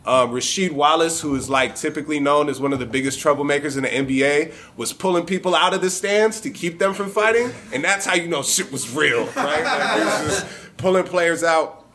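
A man's voice: a little high, a little fast, hardly any pauses, sharp tone, a little hiss or hum. A man from Michigan telling a funny personal story to a live audience, casual and profane, often chuckling.

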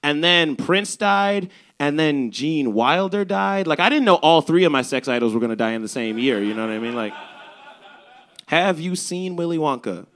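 Young male comic, animated storyteller, slightly high bright tone. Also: moderate pace. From Chicago's South Side. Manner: animated, swearing, acts out quotes. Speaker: stand-up comedian. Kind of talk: stand-up storytelling.

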